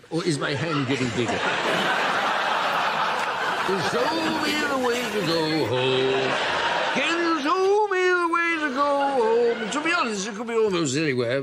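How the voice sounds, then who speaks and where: A hearty, rambling old royal, posh and merry, as a man puts him on. His voice swings lively up and down. The comedy studio recording has very loud background noise. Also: high-pitched.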